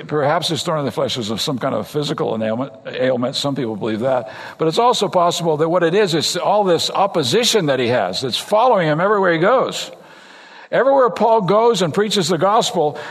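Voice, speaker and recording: An older man from California preaching a sermon as a pastor, talking conversationally and swinging between emphatic high points and low, quiet asides. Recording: long reverb of a large hall.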